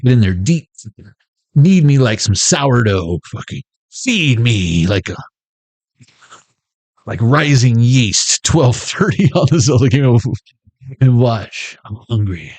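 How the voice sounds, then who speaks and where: A man's voice: mid-range voice, big pitch swings, takes it slowly, pauses often, a little mellow, no echo. A man giving a casual tarot reading, rambling and cursing as he jokes and laughs at his own lines. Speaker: tarot reader.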